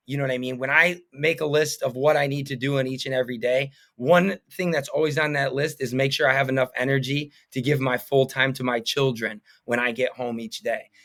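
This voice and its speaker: Earnest guy in his 30s rambling on a podcast, lots of "right?" and "you know what i mean", mid-pitched. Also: creaky, pushed and bright. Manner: earnest, rambling, filler-heavy. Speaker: painting business owner, podcast guest. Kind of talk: casual interview chat.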